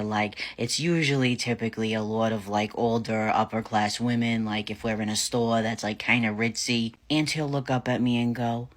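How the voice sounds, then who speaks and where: A man's voice: mid-range voice, fairly bright tone. A man from New Hampshire with a New England accent, telling casual storytime tales in a blunt, profane, joking way. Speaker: vlogger.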